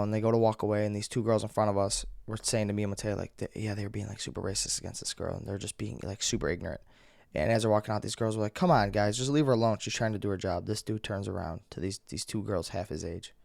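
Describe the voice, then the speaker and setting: A young man telling a story as a vlogger, profane and animated, acting out people yelling. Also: lowish voice, creaky, no echo, clean studio sound. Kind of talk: casual storytelling rant.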